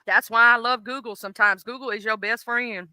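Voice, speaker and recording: A woman's voice: on the high side, fairly even intonation, a little fast, bright, forceful tone, clean tone, no echo. A middle-aged woman hosting a live stream in casual, rambling chat, full of fillers and restarts. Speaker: livestream host.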